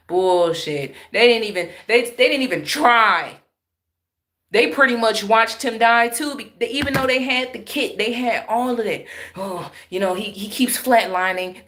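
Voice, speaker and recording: A married adult woman vlogs straight to her audience, telling an upsetting story in an emphatic, emotional way. Her voice is medium-pitched and a bit bright.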